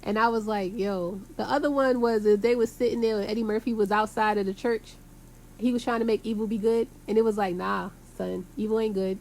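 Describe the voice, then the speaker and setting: A woman, rambling to her viewers in a loose, emphatic monologue. Her voice sits a little high, and her talk is full of slang, "yo"s and curses. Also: steady tone, brisk, a little mellow, slight background noise. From Brooklyn, New York. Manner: rambling, emphatic, heavy street slang with frequent yo and cursing. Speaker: vlogger. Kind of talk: casual rambling monologue to camera.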